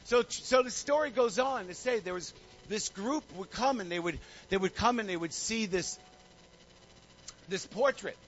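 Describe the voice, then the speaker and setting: A man's voice: high voice, normal speed, lo-fi sound. A man preaching a sermon to his congregation, a fervent storyteller who repeats phrases and calls people forward. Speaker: pastor. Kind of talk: sermon with altar call. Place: church sanctuary.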